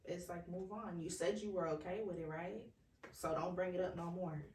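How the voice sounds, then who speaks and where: A woman's voice: on the low side, steady tone, normal speed, darkish tone. A woman co-hosting a podcast, agreeable and blunt in casual slangy chat. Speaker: podcast co-host. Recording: roomy, distant, faint noise.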